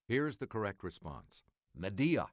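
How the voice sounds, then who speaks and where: A man hosting a quiz show, reading clues in a measured, crisp way and calling on the player to choose again. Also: on the low side, very animated, noisy background.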